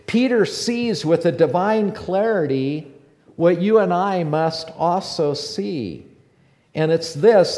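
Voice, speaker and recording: A man preaching a sermon as pastor, passionate and building to loud emphatic repetition. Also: high voice, long reverb tail. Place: church sanctuary.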